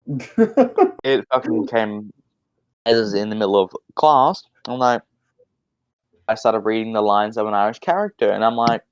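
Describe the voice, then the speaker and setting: A man's voice: fairly low pitch, dry recording, lo-fi sound. A young man in casual podcast chat, rambling and swearing, with many restarts. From Australia. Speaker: podcast guest.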